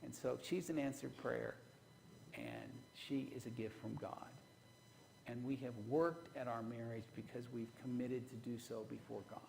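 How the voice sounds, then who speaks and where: A man's voice: mid-range voice, animated, measured pace, vocal fry, a little mellow, slight background noise, low-quality recording. A man preaching a sermon, telling folksy stories from his own marriage and putting rhetorical questions to the congregation. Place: church.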